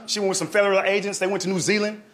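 A man with a Texan accent telling a story on a comedy club stage, checking in with the audience with a steady "right?". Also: high-pitched, very fast. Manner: punchy, keeps asking "right?" to the crowd. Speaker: stand-up comedian. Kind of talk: stand-up storytelling. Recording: live club crowd. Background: audience laughter.

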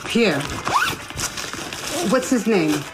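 A woman's voice: medium pitch, expressive, very slow, very noisy. An actress playing an older woman who fusses over a baby in a cooing, sing-song way and then sharply questions her son. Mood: suspicious. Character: warm older mother, doting and suspicious. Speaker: mother meeting her grandson.

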